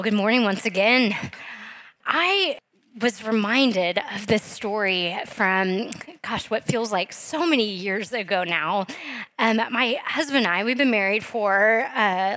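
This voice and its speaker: A woman preaching in a loose, conversational way, with a voice pitched a little high for a woman. She tells stories with plenty of asides to the congregation. The sound is dry and close, with little room echo. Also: lively intonation, normal speed, sharp tone. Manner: chatty and informal, with many fillers and asides to the congregation. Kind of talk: conversational sermon storytelling.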